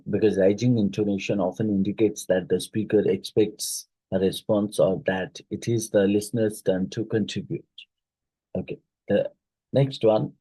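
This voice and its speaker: A man's voice: on the low side, warm tone, husky, no echo, low-quality recording. A man teaching an exam-prep lesson, reading each question aloud, repeating it, and talking through the answer with fillers.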